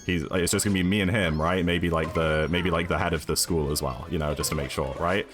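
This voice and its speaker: A man's voice: low-pitched, fast talker, music in the background. A young man with an English accent, chatting and storytelling casually as a streamer, rambling along with lots of fillers and tags like "right?". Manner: animated, rambling, filler-heavy with frequent "right?".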